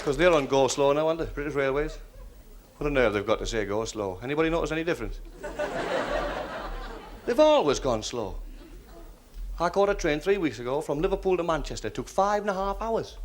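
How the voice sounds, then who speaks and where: A man's voice: fairly high pitch, expressive, a little fast, pauses often, a little hiss or hum. A man telling jokes on stage wryly, throwing questions at the audience. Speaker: stand-up comedian.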